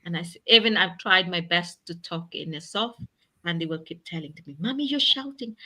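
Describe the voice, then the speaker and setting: A woman's voice: fairly low pitch, fairly quick, pushed and bright. A woman on a video call talking earnestly in a casual chat, often laughing as she speaks. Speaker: accountability partner sharing in a group chat.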